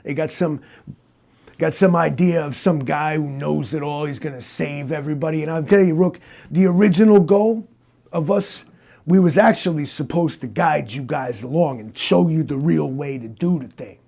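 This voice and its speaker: Man doing a gravelly boastful cyborg detective. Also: a little high, normal speed, warm tone. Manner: boastful, condescending, tough-guy talk. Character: brash male Soviet cyborg posing as hard-boiled city detective. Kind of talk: improvised comic interview.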